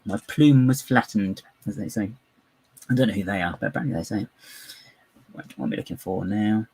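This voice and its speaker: A man's voice: deep voice, expressive, fast, vocal fry, darkish tone, slightly rough, no room sound, rough recording. A man chatting live while building, rambling, giggly and self-mocking. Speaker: live-streaming LEGO builder.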